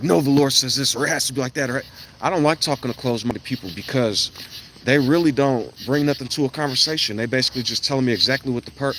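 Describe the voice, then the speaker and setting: A man, talking in a rambling, blunt monologue that swings into loud, emphatic bursts. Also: mid-range voice, slight background noise. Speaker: vlogger. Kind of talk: casual monologue on an evening walk. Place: outdoors at night.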